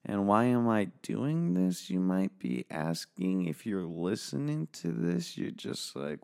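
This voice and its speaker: A man with a fairly low voice and an American accent talks alone into an office microphone. He rambles in a sarcastic, cheerfully profane way, hosting his own podcast as a solo monologue. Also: big pitch swings, unhurried, creaky, hardly any pauses, darkish tone, smooth. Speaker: podcast host. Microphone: studio microphone.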